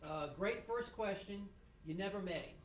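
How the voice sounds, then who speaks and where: After a mock trial, a middle-aged judge, his voice fairly high, offers students halting feedback, repeating words and slipping in dry humor. Distance from the microphone leaves him echoing through the courtroom, with faint hum underneath.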